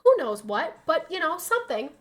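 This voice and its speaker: A woman's voice: extremely high pitch, big pitch swings, moderate pace, fairly bright tone. A young woman streamer chatting casually with her viewers, laughing often and acting out what other people said. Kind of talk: casual chat reading viewer messages.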